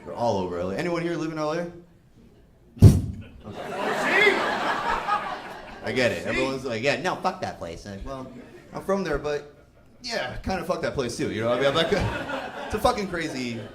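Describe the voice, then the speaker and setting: Very animated, a young comedian talks at a moderate pace with long pauses in his mid-range voice, keeping his stand-up set casual and profane and laughing through the bits. It's recorded in a roomy live comedy venue with background noise.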